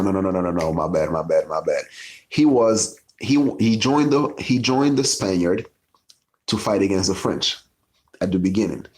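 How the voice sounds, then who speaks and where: A man's voice: low-pitched, darkish tone. A man hosting a casual history talk, telling it loosely with asides and swearing. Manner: loose, profane, storytelling with asides. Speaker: podcast host.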